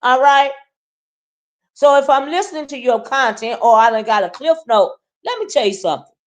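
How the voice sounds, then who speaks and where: A Southern US woman with a slightly high voice ranting in a casual commentary vlog. She talks straight to her viewers with sass and confrontation and keeps checking in with "okay?" and "right?". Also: moderate pace. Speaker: YouTube commentary host.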